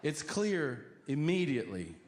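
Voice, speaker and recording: A man's voice: on the high side, big pitch swings, a little slow. A man comedian telling a stand-up story, laughing through it as he goes. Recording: echoey room with loud ambience.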